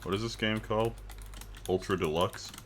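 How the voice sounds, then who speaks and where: Low-voiced man teasing a friend. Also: moderate pace, slight background noise. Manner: teasing, wry. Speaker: streamer. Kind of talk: casual banter.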